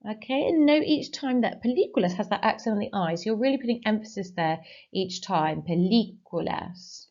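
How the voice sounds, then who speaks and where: Woman teaching Spanish, slow drills. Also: mid-range voice, darkish tone, dull audio. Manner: slow, clearly modelled pronunciation for repetition. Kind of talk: recorded online language lesson.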